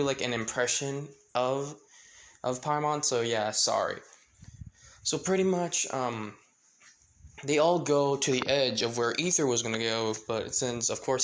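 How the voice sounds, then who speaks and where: A man's voice: mid-range voice, fairly bright tone. A man casually retelling a fan story, rambling with many restarts and filler phrases.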